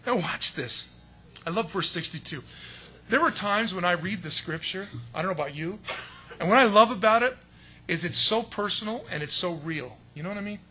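A man's voice: high voice, animated, a little fast, bright, forceful tone, husky. A middle-aged man from San Diego preaching a sermon in a casual, joking way, acting out the people he quotes. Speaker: pastor.

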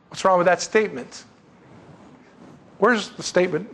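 A male pastor delivers a sermon in a loose, chatty manner. His voice sits a bit higher than most men's, and he keeps turning to the congregation with questions and joking asides. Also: fast talker, a bit bright, husky. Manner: conversational, folksy asides, rhetorical questions.

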